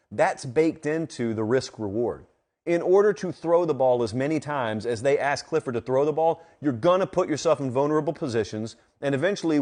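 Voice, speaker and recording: A man's voice: a little high, darkish tone. A man hosting a sports show, giving solo football commentary in an emphatic, conversational way, with rhetorical questions aimed straight at his audience.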